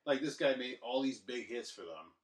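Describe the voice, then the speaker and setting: A man's voice: mid-range voice, expressive, moderate pace. Easygoing man, echoey and off-mic. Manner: easygoing, agreeable, wry asides. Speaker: podcast co-host. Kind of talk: casual movie review chat. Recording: roomy, distant mic.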